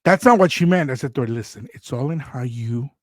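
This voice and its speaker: A man in a casual talk show, spinning a personal story with animated energy and acting out the lines of others. His voice sits in a middle pitch. The recording is dry and close. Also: fairly quick, no room sound. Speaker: radio show host.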